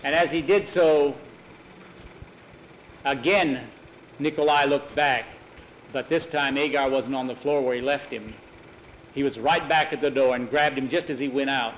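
A man's voice: medium pitch, steady tone, a little slow, pauses often, slight background noise, rough recording. A man telling an adventure story aloud in a plain spoken way, with some restarts. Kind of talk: dramatic oral storytelling.

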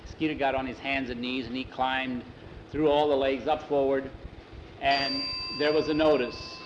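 A man telling a story in an unhurried, drawn-out way and acting out the characters' dialogue. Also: mid-range voice, level tone, highs cut off, noisy background. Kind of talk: told story with acted dialogue.

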